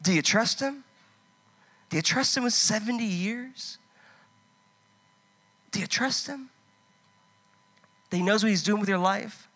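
Bright-voiced male preacher. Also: high-pitched, measured pace, pauses often. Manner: impassioned, swings from loud urging to hushed; conversational storytelling. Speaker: pastor. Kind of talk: sermon.

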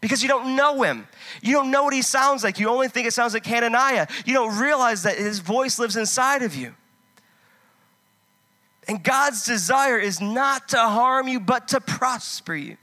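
A man preaching a sermon, impassioned and conversational, swinging from loud urging to hushed storytelling. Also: very high voice, normal speed. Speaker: pastor.

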